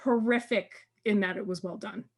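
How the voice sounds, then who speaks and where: A woman's voice: mid-range voice, fairly even intonation, creaky. A woman co-hosting a fan podcast, talking emphatically and at length about an emotional TV scene, with bursts of laughter. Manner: emphatic, rushes through long lists, laughs. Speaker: podcast co-host. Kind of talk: casual fan discussion.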